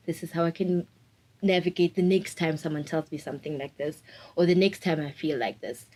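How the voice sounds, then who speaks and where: A woman's voice: low voice, a little fast, a little mellow, low-quality recording. A woman, talking openly and reflectively in an interview and laughing often. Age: 20s. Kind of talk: candid personal interview.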